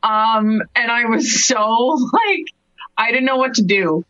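A woman in her thirties from Cape Breton, telling stories casually in an interview, full of "like"s and quick laughs. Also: a little high, animated, bright, forceful tone, no room sound. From Canada, Cape Breton. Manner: chatty storyteller, many "like"s, laughs often. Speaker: guest wrestler. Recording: dry, dull lo-fi podcast audio.

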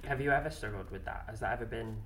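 Very low-voiced woman interviewer. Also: rapid-fire, slight background noise. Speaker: interviewer host. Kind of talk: casual interview chat.

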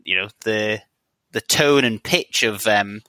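A man with an Edinburgh accent co-hosting a casual podcast, rambling and hedging, gently self-mocking. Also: on the low side, slow pace, dry recording. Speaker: podcast co-host.

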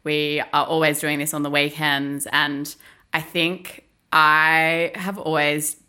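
A woman's voice: low voice, level tone, slow pace, sharp tone, clean tone. A young woman co-hosting a podcast, speaking in an open, reflective, earnest way. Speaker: podcast co-host. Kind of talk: casual chat.

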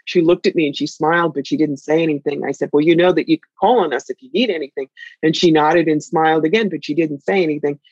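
A woman's voice: deep voice, fairly even intonation, quick pace, a little mellow, breathy edge, no echo, lo-fi sound. A woman voicing a hesitant, shy male neighbor who stumbles as he starts to speak. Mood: earnest.

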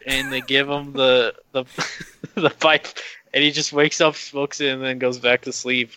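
A man co-hosting a podcast, recapping a film in a halting, hesitant way. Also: medium pitch, steady tone, bright, forceful tone, clean tone, dry recording, rough recording. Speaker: podcast co-host. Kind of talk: casual film discussion.

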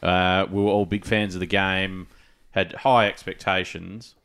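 A man's voice: deep voice, level tone, unhurried, a bit bright, clean tone. A man co-hosting a casual gaming podcast, telling stories in a chatty way and laughing at his own jokes. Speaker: podcast co-host.

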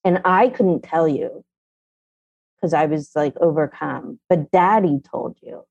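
A middle-aged woman with a low voice and vocal fry speaks slowly, telling a family story candidly as a mother and parenting columnist. She's animated and blunt, swearing casually, and the recording is dull and dry.

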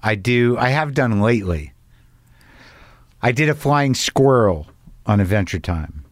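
A man's voice: medium pitch, expressive, measured pace, no room sound, studio quality. A man hosting a casual conversation, teasing and rambling with a wry edge. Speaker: podcast host. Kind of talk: casual chat.

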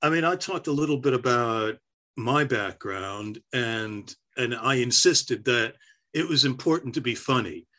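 A mid-range, animated voice with a sharp tone and measured pace belongs to an older ex-stand-up comic recalling his past in an oral history interview. He restarts often as he reflects, and mentions being half American and growing up on air force bases.

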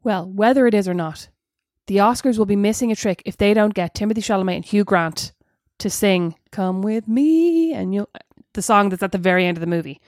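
A chatty woman keeps a film review on track, jokey and a little bossy. Her voice sits at an ordinary middle pitch. The sound is dry and close, with no room around it. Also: steady tone, brisk, a little mellow, dry recording. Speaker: podcast co-host. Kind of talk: casual chat reviewing a film.

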